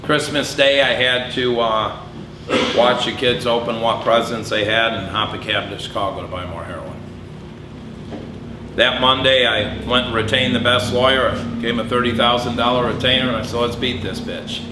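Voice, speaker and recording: A middle-aged man giving a candid personal testimony speech at an event, telling a hard story with flashes of dark humor. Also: mid-range voice, fairly even intonation, normal speed, noisy background. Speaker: public speaker. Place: event hall. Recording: echoey hall with faint ambience.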